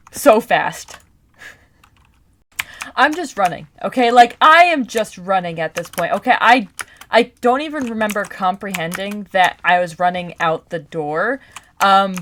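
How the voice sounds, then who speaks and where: A woman's voice: medium pitch, a little hiss or hum. Rambling young woman telling a story. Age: young adult. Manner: animated, rambling with many restarts, addresses viewers. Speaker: storytelling gamer vlogger. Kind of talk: casual storytelling over gameplay.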